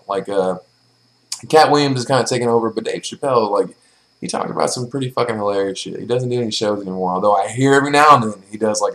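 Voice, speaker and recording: A man's voice: on the low side, a bit bright, low-quality recording. A young man casually answering viewer questions in a vlog, blunt and profane, with plenty of ums and likes. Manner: blunt, swears freely, lots of filler.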